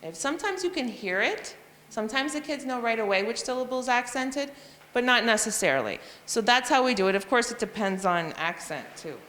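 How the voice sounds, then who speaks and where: A woman teacher presenting a reading intervention method to other educators, spelling out letters and sounds slowly and clearly. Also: on the high side, animated, fairly bright tone, long reverb tail, slight background noise. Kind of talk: professional development presentation. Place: school room or hall.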